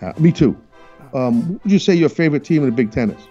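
A man hosting a sports talk show, brash and animated, teasing his crew as he talks. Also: a little high, fast, dull audio, soft background music. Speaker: radio show host.

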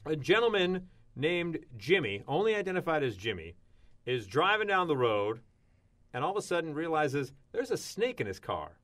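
A man co-hosting a casual show, telling odd news stories with big bursts of excitement. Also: fairly high pitch, moderate pace. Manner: animated storytelling with sudden loud exclamations. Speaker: radio show co-host.

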